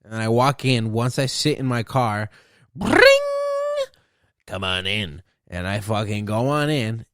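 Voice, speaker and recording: A man hosting a comedy podcast, telling a story in a casual, profane rant full of exasperation. His voice sits at a middle pitch, and the recording is dry and close, with no room echo. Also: moderate pace.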